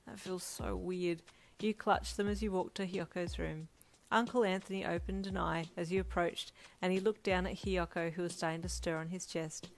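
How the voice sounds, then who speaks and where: Soft-spoken woman narrating fan fiction. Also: on the low side, steady tone, moderate pace. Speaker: fanfiction reader. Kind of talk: second-person audiobook narration.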